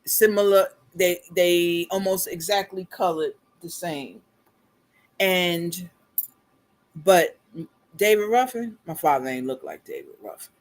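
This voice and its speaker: A middle-aged woman hosting a casual livestream, telling a family story in a chatty, animated way, laughing along and calling her viewers y'all. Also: on the low side, slow. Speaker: beauty consultant livestream host.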